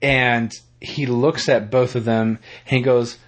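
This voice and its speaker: A man co-hosting a casual podcast, rambling through an animated retelling of a TV episode and acting out the characters' lines. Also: medium pitch, slow pace. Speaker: podcast co-host.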